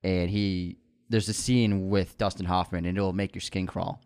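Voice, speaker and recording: A man co-hosts a podcast, chatting casually and enthusiastically about movies, often restarting and repeating words as he begins sentences. His voice is low, smooth and darkish, with flat delivery at normal speed.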